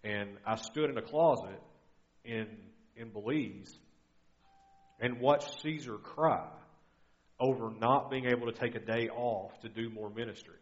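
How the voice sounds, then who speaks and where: A man's voice: mid-range voice, highs cut off. A middle-aged man giving a guest sermon in an earnest, conversational way, often restarting his sentences. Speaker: guest preacher.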